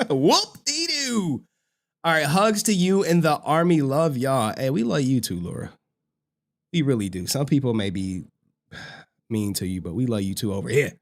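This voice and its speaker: A man hosting a livestream, reading super chats in excitable, slangy commentary that breaks into shouts and laughter. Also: medium pitch, moderate pace. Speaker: livestream host.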